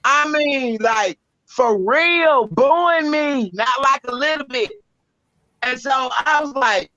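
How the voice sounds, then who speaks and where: A Southern woman spins a story in a bright, forceful voice, blunt and animated, with salty language. The audio is dry and dull, like a lo-fi podcast mic close up. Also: sits high, slow pace, no room sound. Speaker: spoken word poet, guest. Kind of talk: casual storytelling. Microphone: podcast microphone.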